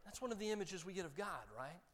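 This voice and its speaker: A man pastor preaching in a relaxed, conversational way and teasing members of his congregation as he goes. His voice sits a bit high for a man. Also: fast talker. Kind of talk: sermon.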